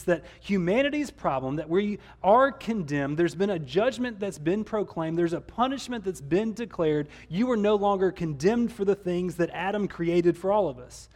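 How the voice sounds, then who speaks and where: A man's voice: sits high, expressive, normal speed, few pauses, darkish tone. A man pastor preaching a conversational sermon, with some restarts along the way.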